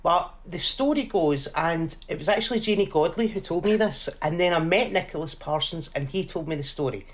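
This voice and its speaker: A stand-up comedian telling a story in a relaxed chat. He is animated and laughs often as he tells it. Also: a little high, fairly quick, hardly any pauses.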